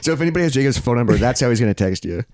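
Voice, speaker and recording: A man's voice: medium pitch, lively intonation, a little mellow. A young man co-hosting a podcast, teasing and swearing in casual banter. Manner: teasing, profane, quick banter. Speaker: podcast co-host. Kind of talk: casual chat.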